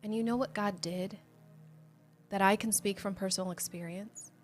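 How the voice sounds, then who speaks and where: A woman's voice: medium pitch, steady tone, moderate pace, soft background music. A woman hosting a livestreamed devotional Bible teaching, speaking earnestly and conversationally to her viewers and candidly sharing her own struggles of faith. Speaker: host of a Bible study show.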